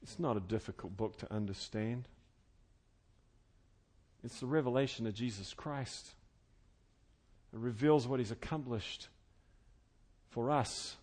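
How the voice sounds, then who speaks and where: A man preaching an expository sermon, earnest and conversational, swinging between loud fervent emphasis and quiet intimate tones. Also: mid-range voice, measured pace, pauses often. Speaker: pastor.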